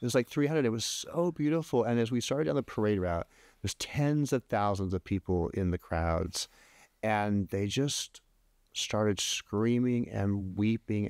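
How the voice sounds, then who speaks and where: A man telling a story as a podcast guest in casual chat, animated, with many restarts, his voice jumping higher when he quotes himself. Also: creaky, dry recording, clean studio sound. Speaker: podcast guest, LGBT advocate.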